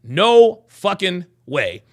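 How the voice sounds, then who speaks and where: A man hosting a casual livestream, reading chat and telling profane, animated stories. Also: sits high, drawn-out words.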